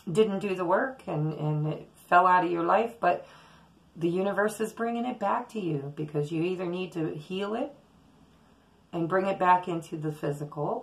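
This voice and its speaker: A woman with a slightly low, gravelly voice reads tarot cards for her viewers. She talks in a loose, chatty way, drifting from thought to thought as her intuitions come to her. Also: rough recording. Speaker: tarot reader. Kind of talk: casual daily tarot reading to camera.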